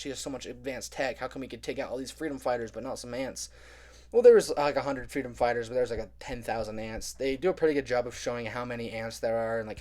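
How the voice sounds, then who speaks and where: Rambling young man recapping a movie. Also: medium pitch. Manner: rambling, heavy use of "like", animated retelling. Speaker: film reviewer. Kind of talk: casual spoiler review recap.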